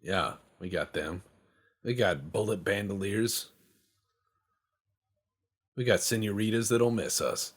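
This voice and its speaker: Husky low-voiced man rambling over gameplay. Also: takes it slowly, long pauses. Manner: rambling, joking, profane banter. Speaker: game streamer. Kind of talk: casual gameplay commentary.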